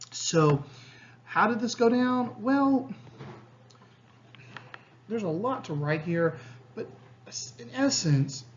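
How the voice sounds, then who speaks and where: A man's voice: high voice, a little hiss or hum. Casual man teaching a lecture. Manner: casual, checks in with students, acts out quotes. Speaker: history teacher. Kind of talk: recorded classroom lecture. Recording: slightly dull lo-fi recording.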